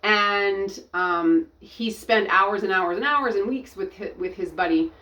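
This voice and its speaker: A middle-aged woman giving a personal testimony, talking earnestly and haltingly, often restarting her sentences. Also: mid-range voice, pushed and bright, highs cut off. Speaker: ministry founder and coach.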